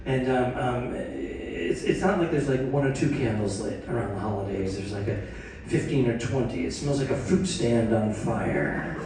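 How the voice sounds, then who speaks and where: A man's voice: mid-range voice, normal speed, hardly any pauses. Self-deprecating male stand-up comic. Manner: self-deprecating, chatty with the crowd. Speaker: stand-up comedian. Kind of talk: stand-up comedy. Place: cruise ship theater. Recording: echoey hall, distant mic, audience noise.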